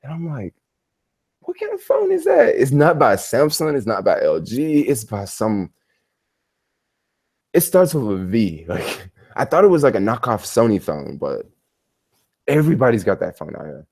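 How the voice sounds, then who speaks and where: Low-voiced guy rambling. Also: big pitch swings, normal speed, pauses often, a little mellow. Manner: rambling, slangy storytelling. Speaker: travel vlogger. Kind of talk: casual livestream chat. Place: hotel bedroom.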